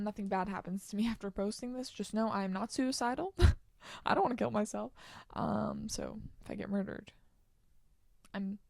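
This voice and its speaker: A young woman hosting her own solo podcast, ranting heatedly with frequent swearing and quick bursts of anger. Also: mid-range voice, gravelly, darkish tone, no echo, studio quality. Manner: heated, swearing, rapid outbursts. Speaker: podcast host.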